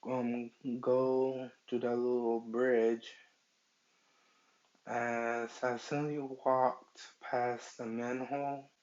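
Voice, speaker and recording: A man improvising a fan-fiction story, halting and searching for words as he goes, on a dull lo-fi recording. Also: mid-range voice, little pitch movement, darkish tone.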